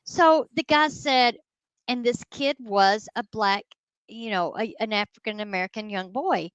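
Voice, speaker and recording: A woman, a guest ghost hunter telling a story in casual, animated talk. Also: on the high side, measured pace, clean tone, no echo, dull audio. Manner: animated, addresses listeners as y'all.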